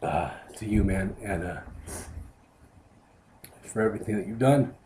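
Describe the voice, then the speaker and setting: A man who reviews hot sauces, giving a heartfelt spoken tribute to a friend in a subdued, halting way. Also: fairly low pitch, heavy background noise.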